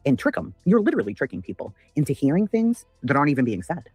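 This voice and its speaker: Male livestream host, rapid and husky, profane and ranting, reads out chat names. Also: medium pitch, wildly swooping pitch, a little mellow, dry recording, soft background music. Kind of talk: casual livestream commentary.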